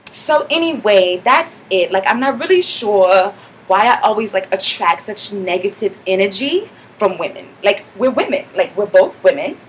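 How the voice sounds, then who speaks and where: A woman's voice: mid-range voice, lively intonation, normal speed, a little hiss or hum, lightly acted. A woman playing a sassy, self-assured young clubgoer who chatters in a mock-indignant way, filling every sentence with "like.". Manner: chatty, filler-heavy with constant "like". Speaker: comedic character monologue. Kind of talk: character comedy vlog.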